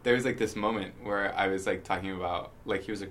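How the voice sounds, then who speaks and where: A man's voice: low voice, steady tone, fast, slight background noise. A young man co-hosting a student podcast, chatting casually and rambling with constant fillers. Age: young adult. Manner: rambling, peppered with "like", bursts into loud laughter. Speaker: co-host.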